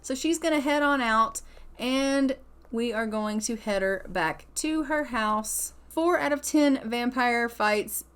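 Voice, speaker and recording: A woman's voice: fairly high pitch, takes it slowly, a bit bright, smooth. A woman narrating a life-simulation game in a casual, chatty way, acting out her characters' dialogue. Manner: casual, chatty, acts out both sides of dialogue. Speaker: gameplay narrator. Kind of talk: let's play commentary voicing characters.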